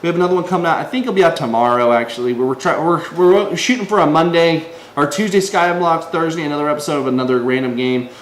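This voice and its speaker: A man's voice: a little high, quick pace, few pauses. A man giving a casual devotional video talk as an online preacher. He rambles in a conversational way, restarts often and acts out quoted voices. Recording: echoey room with faint ambient noise.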